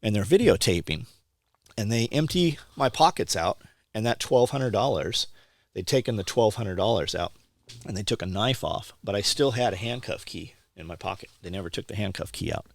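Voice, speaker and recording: Male podcast guest, lowish voice, casual storyteller who swears freely and acts out dialogue, dry sound. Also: normal speed, dry recording. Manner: profane, animated, acts out quoted dialogue. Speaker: podcast guest telling war stories.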